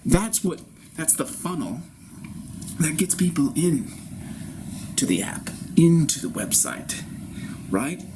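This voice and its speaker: A grown man performing an improvised theatrical monologue in character, rambling and swinging between loud bursts and soft whispers. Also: on the high side, big pitch swings, takes it slowly, pauses often, background noise. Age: adult.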